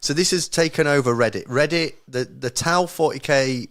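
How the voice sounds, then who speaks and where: A man's voice: mid-range voice, moderate pace, fairly bright tone. A young man hosting a casual live-stream podcast, joking, laughing often and talking to the chat. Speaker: podcast host.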